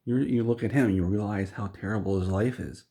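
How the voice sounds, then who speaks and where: A handsome carnival showman with a fake mustache, voiced by a male storyteller. He greets the crowd in smooth patter. His voice is low and gravelly. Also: a little fast, mellow. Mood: showy.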